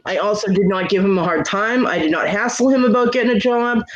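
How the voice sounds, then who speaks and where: A man's voice: high voice, fast, over a noisy crowd. A man hosting a casual livestream chat, venting in a profane, aggrieved way. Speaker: livestream host. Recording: dull lo-fi stream audio.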